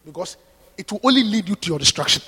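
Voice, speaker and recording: A man preaching a sermon, emphatic, pausing for his interpreter and repeating questions to the congregation. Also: sits high, expressive, bright, forceful tone. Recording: echoey hall.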